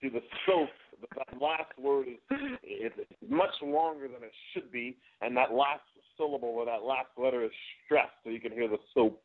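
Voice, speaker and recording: A man's voice: mid-range voice, fairly even intonation, normal speed. A man being interviewed as a guest who explains things earnestly and often restarts his sentences. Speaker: guest, professional wrestler. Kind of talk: casual interview over the phone. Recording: tinny phone line.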